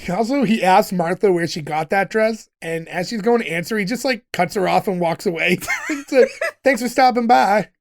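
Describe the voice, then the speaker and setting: High-voiced male podcast host, chatty recapper who laughs often. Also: normal speed, creaky. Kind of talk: casual podcast chat.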